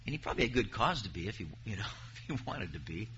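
A man's voice: lowish voice, very animated, fast, sharp tone, muffled recording, slight background noise. A man preaching a sermon, reading scripture aloud and pressing his points with emphasis.

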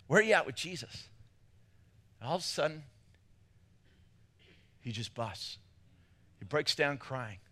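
Animated bright-voiced male preacher. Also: a little high. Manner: animated storytelling, swinging from loud to hushed. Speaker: pastor. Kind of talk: sermon.

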